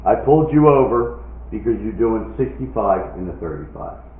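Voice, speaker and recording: A man's voice: fairly low pitch, lively intonation, normal speed. Middle-aged guy telling jokes at a live show, punchy delivery, sounds tinny like over a phone, lots of echo. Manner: punchy joke delivery, acting out quoted voices. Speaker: stand-up comedian. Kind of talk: stand-up comedy set. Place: outdoor stage with live crowd.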